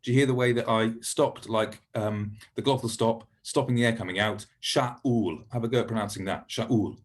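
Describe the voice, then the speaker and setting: Husky-voiced man teaching pronunciation. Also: fairly low pitch, fairly even intonation. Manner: patient, encouraging, slows down to model words. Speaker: Hebrew teacher. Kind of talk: recorded lesson narration.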